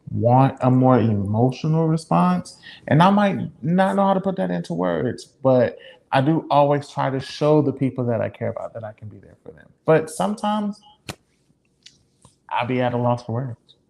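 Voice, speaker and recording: A man with a gravelly, fry-tinged voice and a lively, wide-ranging pitch in casual podcast conversation. He speaks earnestly and thoughtfully, with the odd curse. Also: normal speed. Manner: reflective, apologetic, earnest, with some swearing. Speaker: podcast co-host. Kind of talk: candid casual chat.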